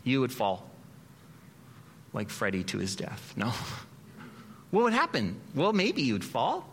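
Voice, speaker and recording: A male pastor preaching a sermon in an animated, conversational way with dramatic pauses. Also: medium pitch, a little hiss or hum.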